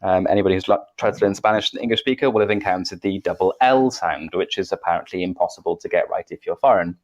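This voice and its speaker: A man's voice: low voice, fast, highs cut off. A Welsh man co-hosting a podcast, talking in a rambling, self-correcting, chatty way. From Wales. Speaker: podcast co-host, English teacher. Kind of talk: casual podcast discussion.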